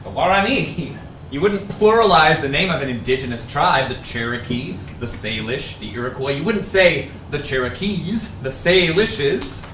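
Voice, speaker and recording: A man's voice: mid-range voice, brisk, few pauses, bright, forceful tone, recorded from a distance, natural voice. A man playing a pedantic professor who narrates a legend with theatrical swings in a stage play. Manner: storytelling with dramatic swings, pedantic. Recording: roomy stage, picked up from afar, faint noise.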